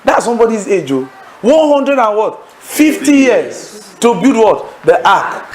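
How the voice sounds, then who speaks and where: A man preaching to a Bible study class, telling stories in an animated way, acting out laughter and asking the audience leading questions. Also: sits high, measured pace, slight background noise, rough recording. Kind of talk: sermon-style teaching to a congregation.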